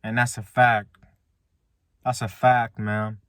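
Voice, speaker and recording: A man's voice: fairly low pitch, smooth, dry recording. Man in a parked car, close and dry. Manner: relaxed, repeats "man" and "like" often, halting restarts. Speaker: vlogger. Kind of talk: casual faith testimony to camera. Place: inside a car.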